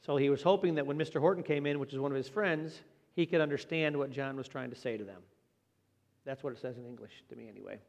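A man preaching a Sunday sermon in an earnest, plain-spoken way, slowing down for emphasis. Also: medium pitch, gravelly, lo-fi sound. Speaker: pastor. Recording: long hall reverb.

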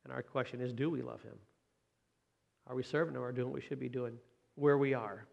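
A man delivering a sermon as pastor. His delivery is relaxed and conversational, with a mid-range voice. He keeps checking in with the congregation through tag questions. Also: medium pitch, a little fast, gravelly, muffled recording.

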